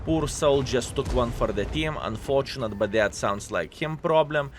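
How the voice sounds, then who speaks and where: A man's voice: medium pitch, normal speed, a little hiss or hum. Sarcastic male gameplay commentator. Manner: sarcastic, repeats phrases, many fillers. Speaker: game commentator.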